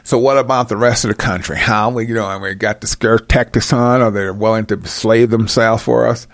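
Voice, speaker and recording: A man voicing a cold older male leader who calmly gives clipped orders in a skit. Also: on the low side, normal speed, no echo, voice pushed down, close to an everyday voice. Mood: cold, commanding.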